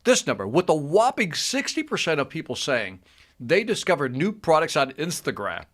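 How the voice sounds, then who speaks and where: A man's voice: a little high, huge pitch swings, moderate pace, fairly bright tone. Eager man talking shop. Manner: enthusiastic, repeats his words, reads out statistics. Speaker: co-host. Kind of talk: casual chat.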